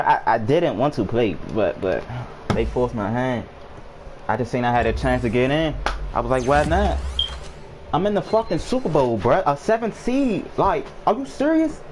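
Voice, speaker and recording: A young man streaming a video game, stunned and profane, repeating himself in drawled slang. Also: a little high. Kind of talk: casual live reaction while gaming. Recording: noisy room ambience behind the voice.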